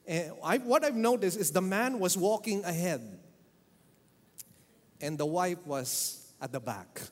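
A man's voice: sits high, animated, measured pace. A man preaching a sermon as pastor, emphatic and repeating key phrases for stress. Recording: long hall reverb.

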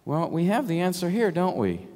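A man preaching a sermon, emphatic and full of rhetorical questions, sometimes dropping to a hush. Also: sits high, big pitch swings, moderate pace. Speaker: pastor. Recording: long hall reverb.

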